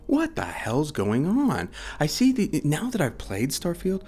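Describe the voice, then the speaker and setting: A man's voice: on the high side, wildly swooping pitch, a little slow, a little mellow, husky. A man from the United States chatting casually about a game he loves, rambling and repeating himself, short on sleep. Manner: rambling, repeats words, says okay a lot. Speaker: gaming YouTuber. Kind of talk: casual rambling video chat.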